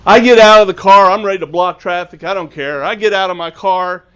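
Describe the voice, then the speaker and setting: A man's voice: high voice, steady tone, fairly quick, a bit bright, clear, resonant tone. A man, an author, giving a storytelling talk to a club, earnest and acting out the dialogue. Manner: earnest, acts out quoted dialogue. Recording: dull lo-fi recording.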